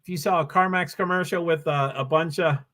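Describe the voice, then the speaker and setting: A man with a high voice talks casually through a livestream of a race. He rambles, trips over his own sentences and restarts them, and keeps chatting to his viewers. He speaks from a desk mic at home. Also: steady tone, brisk, bright, forceful tone. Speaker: livestream host. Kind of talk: casual live commentary on a race stream.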